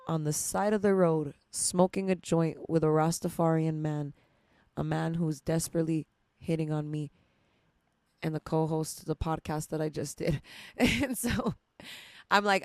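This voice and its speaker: Low-voiced young woman, chatty podcast host. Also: steady tone, measured pace, no echo, studio quality. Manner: chatty and emotional, laughs often, swears casually. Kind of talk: casual rambling storytelling monologue.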